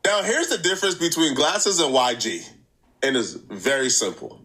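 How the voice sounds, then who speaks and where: A man hosting a reaction channel, giving casual, animated commentary, laughing easily and repeating points for emphasis. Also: on the high side, moderate pace, poor audio.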